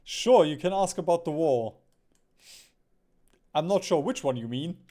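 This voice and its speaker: A man's voice: fairly high pitch, animated, a little slow, mellow. A young man streaming a strategy game, thinking aloud, musing and chuckling as he plays. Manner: muses aloud, often chuckles. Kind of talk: thinking-aloud gameplay commentary.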